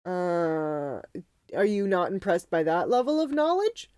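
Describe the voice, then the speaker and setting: A woman's voice: fairly low pitch, sing-song, a little slow, dark tone, clean tone, no room sound. A Canadian woman co-hosting a casual game stream, chatty and self-mocking, swearing and laughing often. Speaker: livestream co-host. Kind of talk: casual gaming stream chat.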